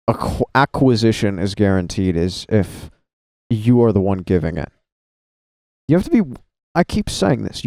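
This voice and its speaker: A man with a low, mellow voice delivers sarcastic reaction commentary, slipping into a mock-motivational lecturing tone. His voice sounds close and dry. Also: smooth, no room sound. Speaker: video commentator.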